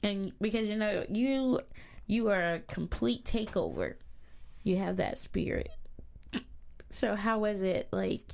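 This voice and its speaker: Playful, lively-voiced middle-aged woman. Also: medium pitch, takes it slowly, gravelly, pauses often. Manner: playful and teasing. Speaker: podcast co-host. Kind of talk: casual chat.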